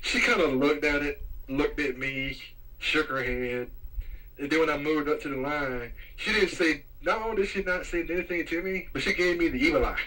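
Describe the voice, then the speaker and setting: Bright-voiced man venting, a bit off-mic. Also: a little high, normal speed, recorded from a distance, rough recording. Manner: venting, sighing, exasperated storytelling. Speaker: podcast co-host. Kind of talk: casual chat.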